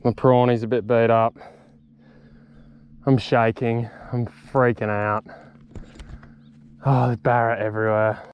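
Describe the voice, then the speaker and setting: A young man, a fishing vlogger, talking excitedly to camera and to the fish outdoors on the water, swearing as he goes. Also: mid-range voice, takes it slowly, long pauses, clean tone, dull audio. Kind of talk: excited solo fishing commentary.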